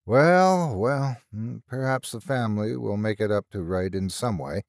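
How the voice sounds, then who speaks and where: A male narrator voicing a formal, brisk country rector giving orders in a storybook reading. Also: lowish voice, dry recording, clean studio sound. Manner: brisk, formal and a little impatient. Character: brisk middle-aged country rector, impatient and proper.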